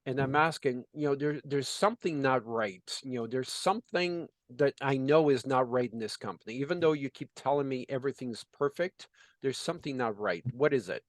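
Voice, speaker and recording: Animated male storyteller, dry close sound. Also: mid-range voice, brisk, no room sound. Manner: animated, acts out dialogue, many "you know" fillers. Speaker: business consultant. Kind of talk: storytelling in conversation.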